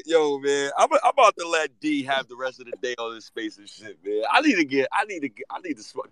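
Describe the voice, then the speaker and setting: A man in his thirties hosting a podcast, excitable and profane, with big swings in pitch and loudness. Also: a little fast, hardly any pauses, no room sound, rough recording. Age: 30s. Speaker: podcast host. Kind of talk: casual chat.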